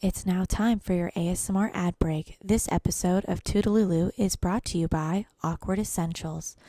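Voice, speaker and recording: A woman reading a sponsor ad in a soft, hushed ASMR voice, slow and deliberate. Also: lowish voice, dry recording. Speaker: podcast host reading a sponsor ad.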